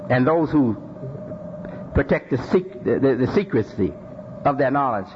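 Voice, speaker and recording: A man's voice: medium pitch, lively intonation, a little slow. A man preaching a sermon, repeating phrases for emphasis and asking rhetorical questions. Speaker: Muslim preacher. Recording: dull lo-fi recording with faint noise.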